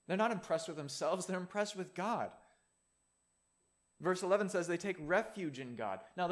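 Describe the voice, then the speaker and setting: A man preaching a sermon in a conversational way, with playful asides. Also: on the high side.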